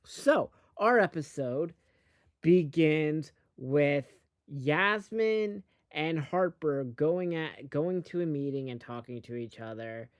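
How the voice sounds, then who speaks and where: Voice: medium pitch, animated, slow, no echo, clean studio sound. A host giving a casual, rambling and profane recap of a TV episode, speaking bluntly.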